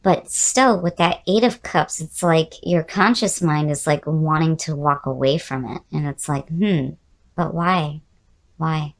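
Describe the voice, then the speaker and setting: A woman with a low, hoarse voice, worn down as she loses it, talks through a casual tarot reading. She muses aloud, often repeating a word twice. She addresses the listener directly and personally. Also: measured pace. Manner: musing, repeats key words, talks straight to the viewer. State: hoarse, losing her voice. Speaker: tarot reader.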